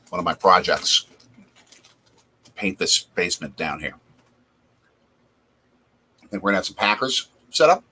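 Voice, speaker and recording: A man's voice: low-pitched, pushed and bright, slight background noise. A man from Wisconsin hosting a casual live chat over a football game from his home basement, reacting aloud to plays. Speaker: host.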